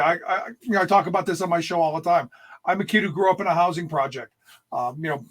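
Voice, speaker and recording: A man talking politics as a guest, blunt and emphatic, sometimes pushing almost to a shout. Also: on the high side. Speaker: guest, political radio host. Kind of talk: political discussion.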